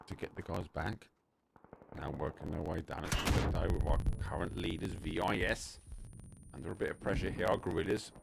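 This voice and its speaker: A man with an Essex accent casting live play-by-play commentary on an esports match, moving quickly between calm calling and excited bursts. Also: low-pitched, gravelly, very noisy. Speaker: esports caster. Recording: game gunfire under the voice. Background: in-game gunshots and explosions.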